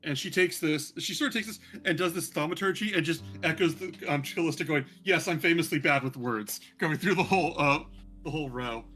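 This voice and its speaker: A man narrating as game master of a fantasy tabletop game, relaxed and halting with many fillers. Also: on the high side, faint music behind. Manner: relaxed, many ums and uhs.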